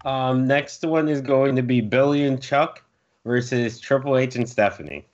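A man hosting a casual podcast segment in a relaxed, easygoing way. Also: medium pitch, moderate pace, muffled recording. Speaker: podcast host running the segment. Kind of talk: casual chat.

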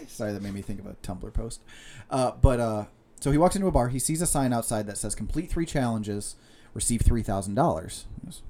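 A young man chatting casually with friends and telling long jokes. He laughs often and stumbles through restarts. His voice sits in a plain middle pitch. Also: lively intonation, brisk, warm tone. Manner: laughs a lot, rambling storyteller with restarts. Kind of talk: casual joke-telling chat.

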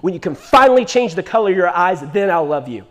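A male pastor preaching a sermon, emphatic and full of repetition, moving between loud urgent lines and hushed ones while telling a story. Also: high-pitched, fast talker. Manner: emphatic, repeats "listen to me", swings from loud to hushed; animated storytelling, acts out quoted voices.

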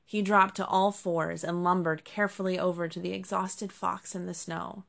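Gravelly, low-voiced woman narrating a storybook. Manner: expressive, measured reading.

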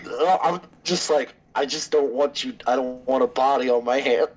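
A man's voice: medium pitch, moderate pace, breathy edge. A man player in a tabletop role-playing game, joking around. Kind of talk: tabletop role-play chat.

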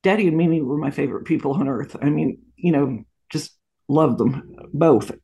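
A woman in her sixties recounting family memories in an interview. Her voice has a gravelly fry, and she tells stories with lots of asides and small laughs. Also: low-pitched, moderate pace. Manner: warm anecdotal storytelling with frequent laughs and asides. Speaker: guest. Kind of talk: storytelling interview.

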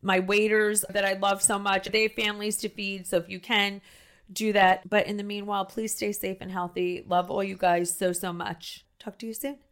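A middle-aged woman with a New Jersey accent hosting a podcast, talking loudly and effusively with lots of restarts. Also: medium pitch, level tone, normal speed. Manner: loud, gushing, trails into restarts. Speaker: podcast host. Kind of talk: casual podcast chat.

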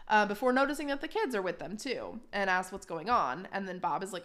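A woman's voice: mid-range voice, expressive, fast talker, hardly any pauses, fairly bright tone. Chatty woman recapping with laughter. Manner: chatty, laughs often, many fillers. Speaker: podcast host. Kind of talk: casual episode recap.

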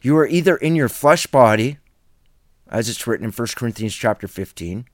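In a solo Bible teaching video, an earnest man preaches insistently and firmly at an ordinary male pitch. He's expressive and speaks at a moderate pace, and the recording is dry and close, with no echo or room sound.

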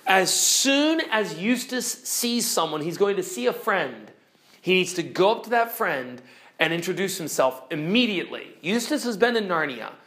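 A man retelling a children's book aloud in an expressive, animated way, swinging between loud bursts and hushed lines. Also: high voice, normal speed. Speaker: storyteller.

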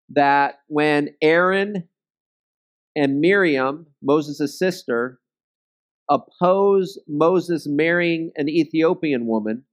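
Man teaching a Bible study. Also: a little high. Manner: conversational, checks in with "okay?".

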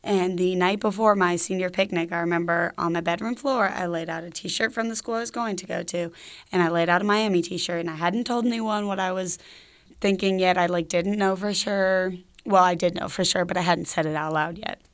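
Chatty young woman with a low voice. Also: fairly even intonation, fairly quick, smooth. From Georgia, US. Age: young adult. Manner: chatty, full of "like" fillers. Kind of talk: casual personal storytelling.

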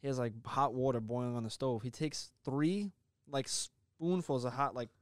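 A young man, animated and swearing a lot as he tells a story in casual podcast chat. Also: medium pitch, normal speed, clean tone, no room sound, clean studio sound. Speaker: podcast co-host.

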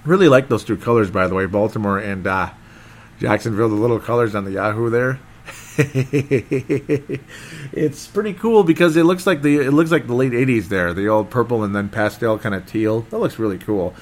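A man hosting a casual solo football recap, rambling and excitable and often losing his train of thought. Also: mid-range voice, normal speed. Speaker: sports podcast host.

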